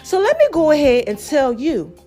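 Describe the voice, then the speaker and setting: A woman's voice: sits high, huge pitch swings, moderate pace, mellow, faint music behind. A woman hosting her own podcast, telling a story in a chatty way and talking straight to her listeners. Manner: chatty, addresses listeners directly as "baby" and "y'all". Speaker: podcast host. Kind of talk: casual storytelling monologue.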